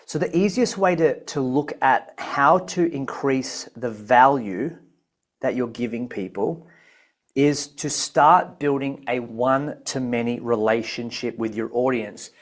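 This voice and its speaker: Energetic business coach. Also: male voice, mid-range voice, measured pace. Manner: energetic, coaching, repeats key points. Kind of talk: live online masterclass.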